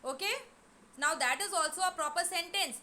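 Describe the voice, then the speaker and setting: A woman teaching a grammar lesson, explaining slowly and repeating key words. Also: very high-pitched, bright, forceful tone, a little hiss or hum. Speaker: English teacher. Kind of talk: online class lesson.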